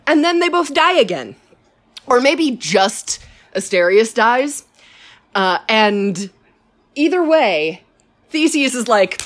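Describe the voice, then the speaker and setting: Slow, rambling woman storyteller. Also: a little high, very animated. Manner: rambling, full of fillers and self-corrections. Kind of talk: casual storytelling.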